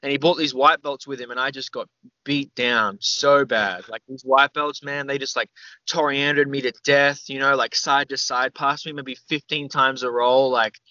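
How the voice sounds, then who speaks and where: Bright-voiced young man telling stories. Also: medium pitch, fairly even intonation, moderate pace, no echo. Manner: loose, rambling, heavy on "like" and "man". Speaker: podcast guest. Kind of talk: casual storytelling interview. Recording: slightly dull, dry recording.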